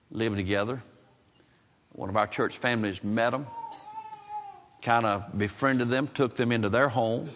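A man's voice: on the low side, a bit bright, a little hiss or hum. A man preaching, telling a folksy story that rises into impassioned pleading. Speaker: pastor. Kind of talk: sermon storytelling. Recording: long reverb of a church hall.

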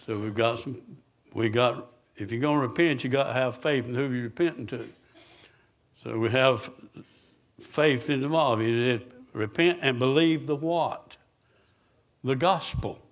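A man's voice: mid-range voice, normal speed. A man preaching a sermon, asking the congregation questions and answering them himself.

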